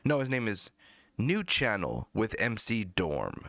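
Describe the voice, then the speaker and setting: An American streamer drinks beer during a live music review and mocks a rapper, his profane commentary lurching into high, squeaky outbursts. His pitch swoops wildly at a measured pace, with a fairly bright tone and no room sound.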